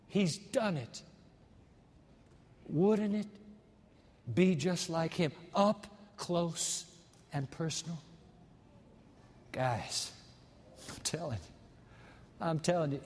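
A male pastor preaching a sermon, telling a story dramatically and slowing down on key words for emphasis. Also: sits high, big-room sound.

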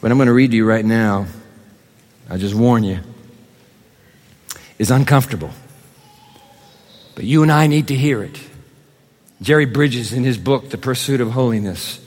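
A male pastor preaching a sermon in a church, swinging between loud proclamation and hushed, quick asides. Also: mid-range voice. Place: church sanctuary. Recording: long hall reverb.

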